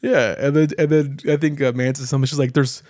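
A man co-hosting a podcast, recapping a show in casual chat, laughing often and acting out lines in animated voices. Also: medium pitch, fast, no room sound, studio quality. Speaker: podcast co-host.

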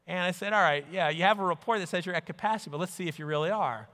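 Bright high-voiced man in a hall. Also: racing. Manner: animated storytelling with mock quoted voices. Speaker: speaker. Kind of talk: conference talk. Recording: reverberant hall.

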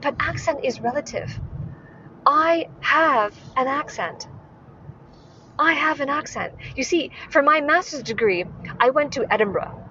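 A woman's voice: high-pitched, expressive, a little slow, bright, forceful tone. Emphatic woman from Hong Kong coaching. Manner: emphatic, repeats key phrases, rhetorical questions. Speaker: communication coach. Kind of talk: direct-to-camera coaching video. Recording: dull muffled sound with clear background noise.

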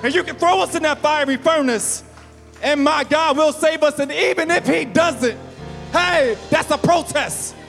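A male pastor preaching a sermon, building to shouts and slowing down for emphasis. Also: very high-pitched, creaky, long reverb tail, faint music behind.

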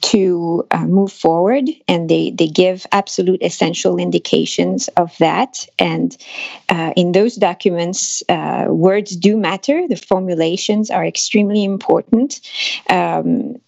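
A woman with a French accent, a guest analyst answering interview questions thoughtfully with many pauses and fillers. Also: fairly low pitch, vocal fry, a little mellow, dry recording, dull audio. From France. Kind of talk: podcast interview.

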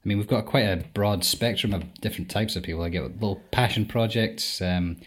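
A man co-hosting a casual podcast, talking in a dry, rambling, halting way over an online call. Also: lowish voice, breathy edge. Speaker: podcast co-host. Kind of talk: casual chat. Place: home, remote recording. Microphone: online call setup.

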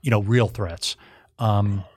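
A middle-aged man speaking as a guest in a casual interview, plainspoken and measured, dropping short agreements between points. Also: fairly low pitch, fairly even intonation, darkish tone, dry recording, clean studio sound. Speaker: guest, retired federal agent.

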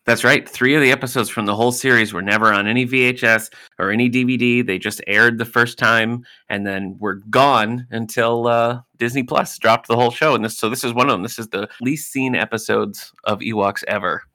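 A man's voice: mid-range voice, fairly even intonation, fairly quick, few pauses, pushed and bright. A middle-aged man co-hosting a casual podcast chat, laid-back and chatty as he questions his young son. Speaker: podcast co-host.

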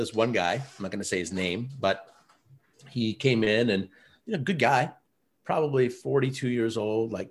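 A man who runs a men's coaching program tells stories in a casual interview, his voice lowish and husky. He's earnest and packs his speech with fillers like "you know" and "like."

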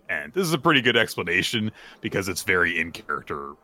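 Lively, bright-voiced male podcast host. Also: sits low, quick pace, hardly any pauses. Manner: animated, playful, acts out characters. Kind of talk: casual chat retelling a manga chapter.

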